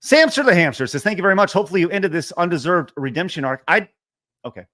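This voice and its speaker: A man's voice: high-pitched, animated, fast talker, sharp tone. A man on a casual livestream reading out viewer donations and chat messages, protesting in mock refusal while thanking each donor. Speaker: streamer reading super chats.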